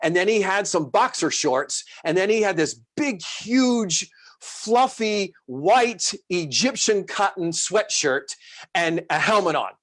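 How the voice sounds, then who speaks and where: High-voiced animated male speaker. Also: slow pace. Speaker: motivational speaker. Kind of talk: storytelling talk.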